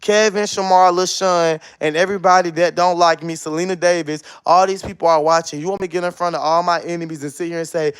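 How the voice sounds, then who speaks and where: A high-voiced man talks into his phone on a live stream. He sounds defensive and circles back to the same points again and again. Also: steady tone, fast, few pauses, clean tone. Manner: defensive, repeats himself. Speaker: livestreamer.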